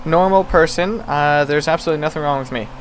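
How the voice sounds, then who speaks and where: A man's voice: a little high, fast, slight background noise. A young man giving jokey, self-mocking let's play commentary, laughing often. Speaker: gameplay commentator.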